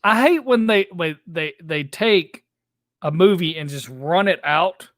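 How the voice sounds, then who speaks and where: A man's voice: a little high, animated, a little slow, fairly bright tone, no echo. Teasing man with a dry, close voice. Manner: teasing and joking. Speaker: podcast co-host. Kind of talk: casual chat.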